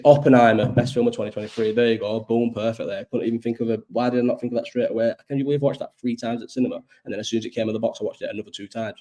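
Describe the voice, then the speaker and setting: A man's voice: mid-range voice, warm tone. A young man hosting a casual live chat, rambling and swearing freely, ill with a cough. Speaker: host.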